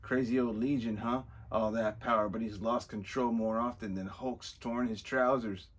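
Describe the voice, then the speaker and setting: A man's voice: sits low, unhurried. A man voicing a sly, mocking male mutant mastermind in a put-on Scottish-style brogue, read aloud from a comic.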